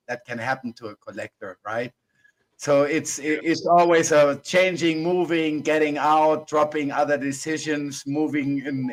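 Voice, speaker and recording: A man with a German accent, a native German speaker, chatting as a guest in a reflective, halting way. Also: fairly high pitch, poor audio. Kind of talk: casual chat.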